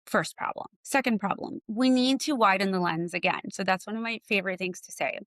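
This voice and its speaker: A woman's voice: mid-range voice, brisk, dry recording. A middle-aged woman, a physician and clinic head, talking as a podcast guest and acting out conversations as she tells stories. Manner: animated storyteller, acts out dialogue. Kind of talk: podcast interview.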